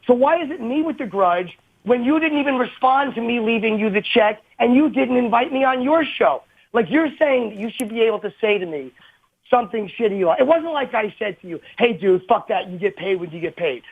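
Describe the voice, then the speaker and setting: Man, radio host, husky, indignant, heated on-air argument, phone-like sound. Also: extremely high pitch, animated. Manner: indignant, aggrieved, fast back-and-forth. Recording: phone-line audio.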